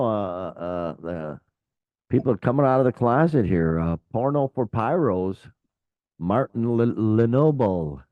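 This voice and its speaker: A man's voice: medium pitch, dry recording, narrow, tinny audio. A man co-hosting a casual rock podcast, rambling through news with lots of uh and you know. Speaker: podcast co-host.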